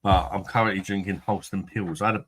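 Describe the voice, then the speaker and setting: This livestream host has a low, fairly even voice that's a bit bright with a breathy edge, and he talks fast. Tipsy on beer, he rambles and jokes through viewer comments, laughing often.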